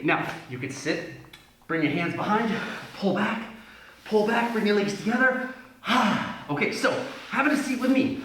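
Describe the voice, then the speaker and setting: A man's voice: a little high, a bit bright. Upbeat male kids' instructor, playful, recorded far off in a roomy space. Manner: playful, upbeat coaching with goofy asides. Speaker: kids' taekwondo instructor in costume. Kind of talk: children's fitness class instruction. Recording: echoey room from a distance with music.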